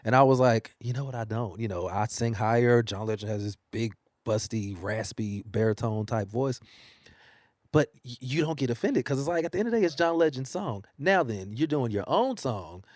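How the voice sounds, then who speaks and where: An American man who works as a singer is the guest in a casual newspaper-studio interview, spinning animated career stories and laughing a lot. He talks at a moderate pace in a medium pitch, on a dry, studio-quality recording.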